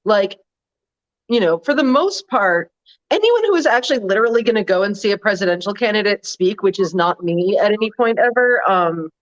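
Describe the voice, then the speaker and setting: A woman's voice: mid-range voice, lively intonation, a little fast. A woman co-hosting a casual political chat over a video call, blunt and wry, with lots of "like" and "um". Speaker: co-host. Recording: dull lo-fi audio.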